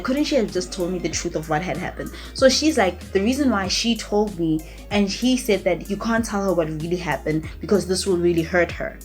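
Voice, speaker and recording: A young woman from South Africa, casually retelling a personal story as a storytime vlogger, acting out what others said. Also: mid-range voice. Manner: animated, acts out quoted lines, frequent "right?" and "you know?". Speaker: YouTuber.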